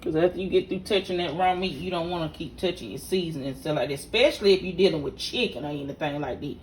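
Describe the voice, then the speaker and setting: Her voice sits on the low side and moves at a quick pace, with slight background noise behind it. A middle-aged woman and vlog host, she casually demonstrates a home cooking recipe in her kitchen, folksy and chatty as she instructs viewers directly.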